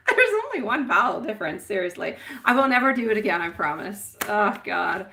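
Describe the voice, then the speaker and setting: Bright-voiced woman doing tarot readings. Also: medium pitch, big pitch swings, fairly quick, gravelly, few pauses. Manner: affectionate, chatty, laughs at herself. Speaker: live tarot reader. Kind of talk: live-stream tarot reading.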